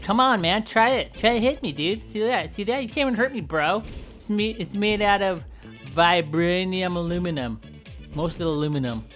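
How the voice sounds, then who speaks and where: A man hosting a gameplay video, giving playful, goofy commentary that keeps breaking into yelps and shouts. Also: high-pitched, lively intonation, normal speed, soft background music. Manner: goofy, trash-talking, yelps and shouts often. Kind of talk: playful let's-play commentary.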